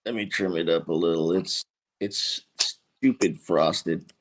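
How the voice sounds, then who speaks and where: A man's voice: sits low, slow, slight background noise. A man, a guest grower, chatting casually and easygoing about his plants. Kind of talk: casual chat.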